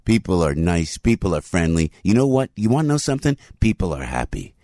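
A middle-aged man hosting a radio show, telling a story with excited emphasis. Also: low voice, fairly quick, no echo, studio quality. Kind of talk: animated storytelling monologue.

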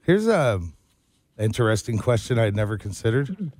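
A man hosting a morning radio show, setting up corny jokes and landing punchlines flat in the studio. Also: medium pitch, moderate pace, no echo. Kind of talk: joke-telling morning radio banter. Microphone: studio microphone.

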